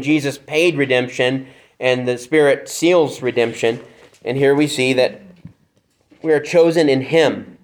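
A man preaching an expository sermon, earnest and searching for words, with fillers and restarts. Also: mid-range voice. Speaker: pastor.

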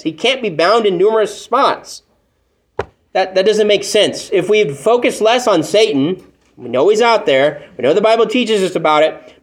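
A man preaching a sermon to a room of people, talking to them plainly and often asking them rhetorical questions. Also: on the high side. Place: church room with congregation.

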